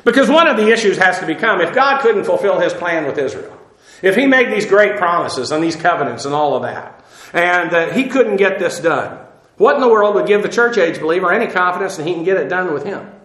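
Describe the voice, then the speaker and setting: A man's voice: sits high, lively intonation, brisk, a bit bright, reverberant, low-quality recording. A man giving a verse-by-verse Bible lesson, explaining Greek words and spelling them out letter by letter with frequent "uh" fillers. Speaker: pastor teaching the Bible.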